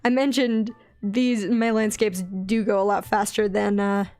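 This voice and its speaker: A young woman with a light Southern accent, chatting in a bubbly, rambling way while she draws on a stream, often giggling and getting excited. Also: mid-range voice, unhurried, no room sound. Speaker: digital artist streaming her drawing. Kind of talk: casual chatty art stream.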